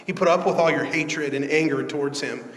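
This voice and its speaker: A man's voice: on the high side, brisk, fairly bright tone. Male pastor, conversational but earnest preaching, roomy church echo. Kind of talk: sermon. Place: church sanctuary. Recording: echoey church hall.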